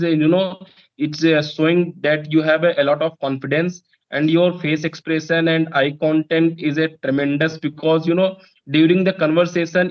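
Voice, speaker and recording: A man practices in a casual chat. He hesitates often and pads his speech with "uh, you know". His voice is a little high, and the audio is dull and lo-fi. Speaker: English learner guest. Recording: dull lo-fi sound.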